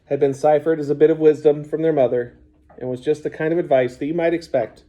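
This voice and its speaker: A man narrating a children's audiobook in a measured storytelling manner. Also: a little high, fairly even intonation, warm tone.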